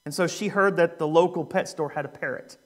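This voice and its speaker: High-voiced young man preaching casually. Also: fairly quick. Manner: conversational, joking, with frequent fillers. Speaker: youth minister. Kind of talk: sermon with a humorous story.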